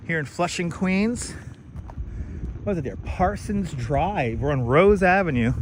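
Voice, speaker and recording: A man's voice: on the high side, expressive, normal speed, slight background noise. A man hosting a casual outdoor live stream while walking, reading out and thanking viewers' comments, recorded on a wireless clip-on mic. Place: outdoors on city streets and in a park.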